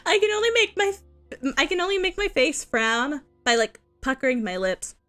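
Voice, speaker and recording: A woman's voice: high voice, big pitch swings, moderate pace, fairly bright tone, faint music behind. A woman streaming as a VTuber, chatting casually and giggling, with playful whiny complaints. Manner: giggly, rambling, playful whining. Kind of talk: casual live-stream chat.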